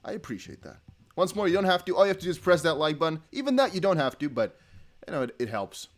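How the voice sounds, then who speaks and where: A man's voice: on the high side, big pitch swings, quick pace. Chatty young man hosting a livestream. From Netherlands. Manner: chatty, laughing, rambling with restarts. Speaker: crypto livestream host. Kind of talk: casual livestream chat reading donations.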